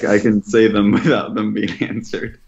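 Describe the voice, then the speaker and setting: A man's voice: on the low side, flat delivery, moderate pace, creaky, a crowd in the background. A man co-hosting a podcast in casual chat, hesitant and stammering, with many "uh"s. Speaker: podcast co-host. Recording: dull lo-fi mic.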